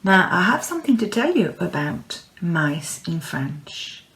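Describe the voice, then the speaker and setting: A woman teaching French to young children in a recorded lesson, speaking clearly and encouragingly and repeating words for her pupils. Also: lowish voice, big pitch swings, unhurried, fairly bright tone, a little hiss or hum. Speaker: primary school French teacher. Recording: echoey room.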